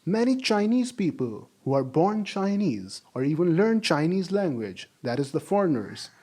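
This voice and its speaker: A man teaching a language lesson, saying model sentences slowly for students to repeat and praising them. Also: fairly high pitch, sing-song, a little mellow. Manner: slow, drawn-out model sentences for repetition; encouraging, praises imagined students. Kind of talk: classroom-style language lesson.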